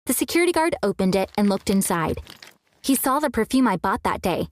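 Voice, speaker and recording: A woman's voice: medium pitch, sing-song, fairly quick. A young woman reading a scripted first-person story in an earnest way, now and then acting out the quoted lines.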